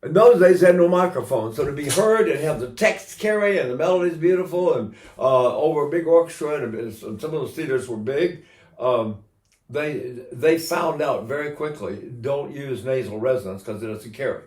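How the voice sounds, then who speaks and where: A man's voice: medium pitch, lively intonation, normal speed, darkish tone, roomy sound. An older man teaching singing in a casual, rambling way, breaking into sung vowels to demonstrate.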